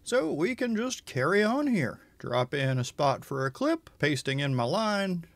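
Casual man walking through software. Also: on the high side, sing-song, unhurried, dry recording. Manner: casual, conversational explaining. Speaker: tutorial host. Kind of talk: software tutorial walkthrough.

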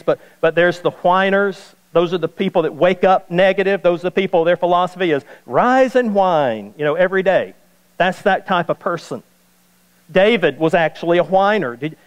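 A man preaching a sermon as pastor, folksy and animated, repeating key lines and joking with the congregation. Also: sits high, clean tone, in a large hall, rough recording. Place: church sanctuary.

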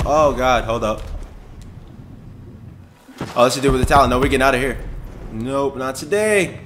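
A young man hosting a gaming video, talking casually through gameplay in a jumpy, excitable way with frequent yelps and swearing. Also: mid-range voice, normal speed, pauses often, background noise.

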